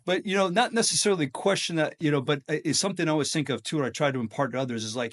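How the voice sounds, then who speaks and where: A middle-aged man telling stories as a podcast guest in a casual, energetic way, often breaking into quoted voices. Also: quick pace, few pauses. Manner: energetic, acts out quoted voices with big pitch jumps. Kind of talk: casual storytelling.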